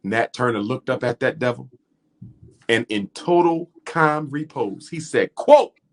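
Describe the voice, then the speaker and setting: A man's voice: medium pitch, animated, measured pace. A middle-aged man speaking as an interview guest, impassioned and preacher-like, building his points through rhythmic repetition.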